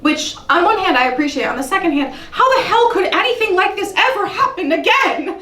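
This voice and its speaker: Bright-voiced woman doing stand-up. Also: brisk, reverberant, distant mic. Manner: animated storytelling, jumps high when ranting. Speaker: stand-up comedian. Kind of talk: stand-up comedy set. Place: comedy club stage. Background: audience laughter.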